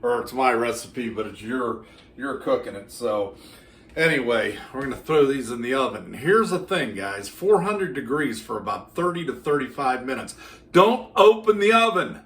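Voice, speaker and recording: A man's voice: mid-range voice, lively intonation, normal speed, a bit bright. Home cooking vlogger, man, mid-range voice, folksy and joking, roomy kitchen sound. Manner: folksy, joking, talks straight to viewers. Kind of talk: casual cooking demonstration.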